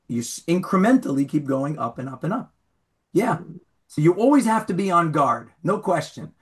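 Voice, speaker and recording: A man teaching a Torah class as rabbi, informal and animated, acting out stories and raising his voice for the punchlines. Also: fairly high pitch. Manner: animated storyteller, shouts when acting out scenes.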